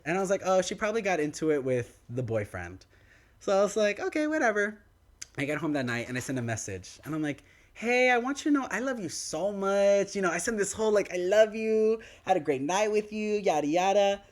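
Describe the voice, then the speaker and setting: A young man spins a story on a podcast in easy, casual chat. His fairly high voice swings widely, leaping up whenever he plays out what someone said. He sounds like a studio co-host mid-anecdote. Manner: animated, acts out quoted dialogue with big pitch swings.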